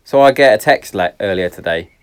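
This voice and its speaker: A man's voice: a little fast, clear, resonant tone. Swearing man rambling in a podcast. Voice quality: heavy swearing, rambling and tangent-prone. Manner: laughs often, swings between loud excitement and low quiet reflection. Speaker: podcast host. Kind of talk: casual solo podcast monologue. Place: garden shed.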